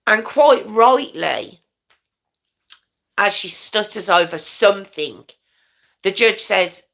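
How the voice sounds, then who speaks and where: A woman's voice: medium pitch, lively intonation, slow, vocal fry, fairly bright tone. A woman hosting a true crime channel, telling the story in a chatty, frank way with lots of fillers.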